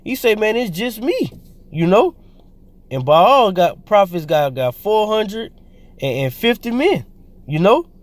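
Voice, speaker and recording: A man's voice: high voice, sing-song, takes it slowly. A man teaching scripture, reading verses aloud and then commenting in loose, slangy asides with fillers and repeated words. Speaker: preacher.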